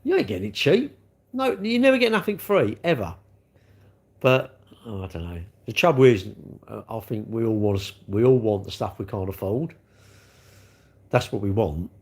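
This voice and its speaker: A man's voice: on the low side, big pitch swings, moderate pace, a little mellow. A middle-aged man, rambling chattily on his livestream and reading out viewer comments. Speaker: livestream host. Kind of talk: casual livestream chat.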